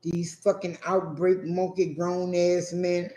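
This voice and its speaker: A man telling a profane, animated story in a casual rant, acting out what people said. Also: high voice, takes it slowly. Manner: profane, animated, acts out quotes. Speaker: vlogger. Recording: echoey room.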